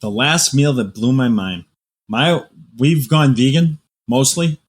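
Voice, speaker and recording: A man, a guest author, chatting casually in an interview, telling animated, vivid stories with playful exaggeration. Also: mid-range voice, slow pace, a little hiss or hum.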